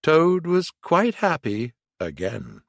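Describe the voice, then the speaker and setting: A man narrating a storybook audiobook slowly and deliberately for learners. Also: a little high, huge pitch swings, no room sound, clean studio sound. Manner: slow, deliberate reading for learners.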